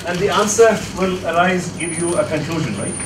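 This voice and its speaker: In a noisy, echoing classroom recorded from a distance, a high-pitched man talks a little fast as he quizzes students and walks them through a word exercise during his lecture.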